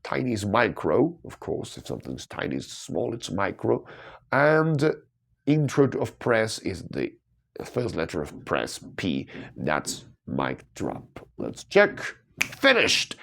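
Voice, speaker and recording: Man, slow and gravelly, lively rising and falling voice, thinking aloud over a puzzle. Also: on the low side. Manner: musing, self-questioning, bursts of delight. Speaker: crossword solver.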